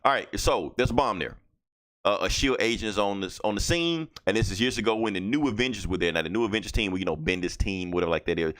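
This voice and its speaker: Easygoing low-voiced man. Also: expressive, quick pace, fairly bright tone. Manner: easygoing, reacts with laughs and short comments. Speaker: podcast co-host. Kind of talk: casual comic book chat.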